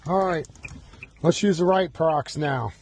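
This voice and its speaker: Sitting in the driver's seat, an automotive locksmith with a slightly higher-pitched male voice demonstrates how to program car keys, narrating each button he presses. His unhurried, darkish delivery keeps breaking into playful, fretful exclamations of mock panic, and a faint hiss runs beneath the recording.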